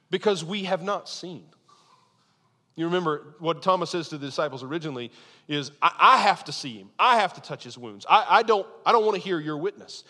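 An earnest male pastor delivers a sermon, slowing for emphasis and leaning into his key lines. His voice sits a little high and swings widely in pitch. The sound carries a long reverb from a large hall. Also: a bit bright. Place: church sanctuary.

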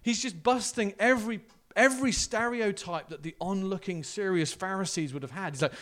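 A male pastor preaching a sermon in a church, telling the story in an animated way and acting out the quotes. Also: high voice, fairly quick.

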